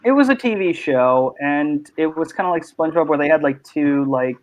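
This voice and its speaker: A man hosting a casual online panel chat, talking in animated, rambling bursts. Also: a little high, moderate pace. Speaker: host. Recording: muffled lo-fi mic.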